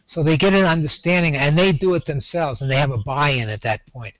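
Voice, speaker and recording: Older brooklyn guy, teacher type, chatty and laughing, slightly high voice, dry close sound. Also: fairly bright tone, no echo. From New York. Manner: chatty, quick to laugh, self-deprecating. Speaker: educator and resource-page curator. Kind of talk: casual panel chat.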